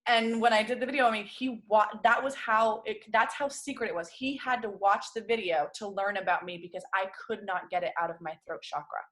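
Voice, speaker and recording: A woman guest in an interview, speaking candidly in a halting, intense way. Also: mid-range voice, fairly bright tone. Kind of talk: conversational interview.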